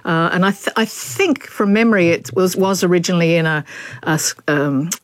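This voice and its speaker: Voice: mid-range voice, brisk, dry recording, studio quality. A professor appearing as a guest on a radio show, explaining things in a thoughtful way with frequent hesitations. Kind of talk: expert radio interview. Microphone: studio microphone.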